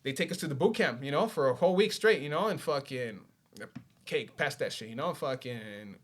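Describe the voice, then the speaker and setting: Speaking a little fast in an animated, medium-pitched voice, a man relaxedly recounts his life on a podcast. His casual storytelling is peppered with swearing and frequent "you know"s.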